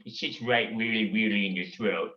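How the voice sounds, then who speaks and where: A man's voice: fairly low pitch, steady tone, moderate pace. A young man chatting as a guest on a video call. He is playful and often repeats words as he starts a sentence. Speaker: guest comedian and impressionist. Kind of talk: casual chat over a call. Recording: dull lo-fi call audio.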